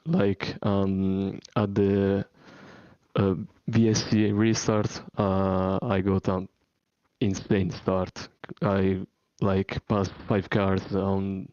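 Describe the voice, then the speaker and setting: A man's voice: low-pitched, warm tone, no echo, highs cut off. A man with an Italian accent, a sim racing driver, talking hesitantly with many fillers in a post-race interview. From Italy. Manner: hesitant, lots of fillers and restarts.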